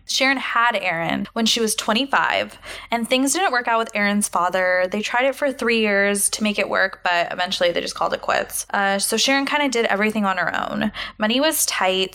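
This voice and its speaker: A woman with a bright, forceful voice recounts a true-crime case to her co-host. She talks in a chatty, casual way and breaks into easy laughs between the details. Her tone stays conversational throughout. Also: mid-range voice. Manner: chatty, laughs often, animated reactions. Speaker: podcast co-host.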